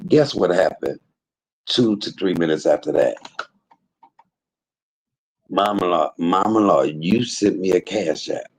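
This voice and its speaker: A man's voice: low voice, slow pace, long pauses, slightly rough, low-quality recording. A man streaming live to his viewers, telling a story in an emphatic, preachy way, full of religious exclamations. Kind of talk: casual spoken testimony to a live chat.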